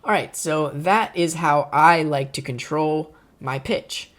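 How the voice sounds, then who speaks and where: A man's voice: a little high, a little slow, a bit bright. A young man giving a casual, chatty spoken tutorial, explaining things step by step in an informal way. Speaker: voice tutorial creator.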